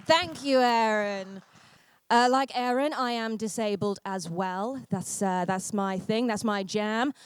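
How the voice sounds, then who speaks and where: A woman's voice: medium pitch, clear, resonant tone. Sardonic woman doing stand-up. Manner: sardonic, self-deprecating, quick asides to the audience. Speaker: stand-up comedian. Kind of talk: stand-up comedy set.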